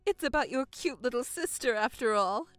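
A scheming middle-aged mother who sneers and gloats over her elder daughter, as a woman acts her out, her voice fairly high and swooping all over. She talks down with mocking, condescending lines, recorded close and dry. Faint music plays behind her. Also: expressive, normal speed, a bit bright, no room sound. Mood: gloating. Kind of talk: voiced story narration.

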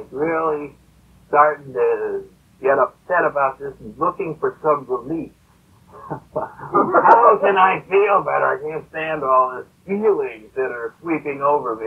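On tinny, lo-fi old tape, a man with a medium-pitched, husky voice tells a story to a recovery meeting. He rambles conversationally, using many fillers.

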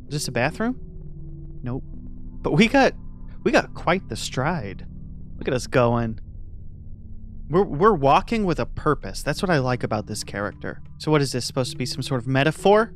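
A man's voice: fairly high pitch, normal speed, soft background music. A man giving casual, sarcastic let's-play commentary on a game, reacting with jokes and sudden exclamations. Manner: sarcastic, jokey, animated reactions. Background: faint game soundtrack.

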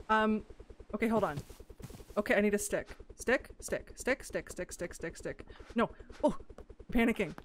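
A woman hosting a gaming let's play in casual commentary, excitable and quick to gasp and squeal at cute creatures. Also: mid-range voice, slight background noise.

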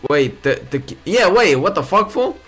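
A man's voice: sits high, very animated, moderate pace, a bit bright, breathy edge, faint music behind, full character voice. A man doing a brash guy. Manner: brash, calls everyone "fool" and "vato". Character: brash Mexican man named Jose in a game roleplay. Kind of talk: GTA-style game roleplay.

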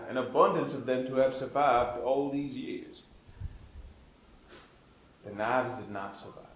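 A man puts on the ghost of an elderly woodsman who speaks in an old-fashioned accent and lectures like a stern grandfather. His voice sits at a middle pitch, and it rings in an echoey room. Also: natural voice. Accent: put-on old-fashioned accent. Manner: old-fashioned, lecturing, says "dear boy".

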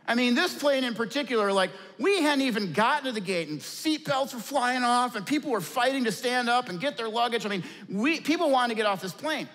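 A man with a fairly high voice preaches a sermon in a large church auditorium, his words trailing into a long hall reverb. He tells stories from the pulpit and drops low and gentle whenever he lands a key point. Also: animated, fairly quick, few pauses. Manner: storytelling, dropping low and soft for key points. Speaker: pastor.

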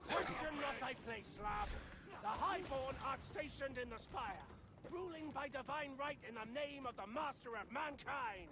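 An actor voicing a haughty imperial official who lectures a lowly soldier in lofty, archaic speech, heard as video game dialogue. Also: male voice, lively intonation, normal speed, pauses often. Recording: game audio over background noise.

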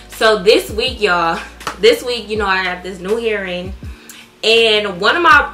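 A woman's voice: medium pitch, reverberant. A young woman, chatting candidly and with lots of swearing while doing her makeup for a beauty vlog. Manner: candid, profane, animated. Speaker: beauty vlogger.

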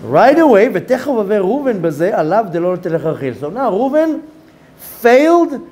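Lively high-voiced rabbi teaching. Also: male voice. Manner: acts out characters' lines, reads quick Hebrew passages. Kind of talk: animated Torah lesson.

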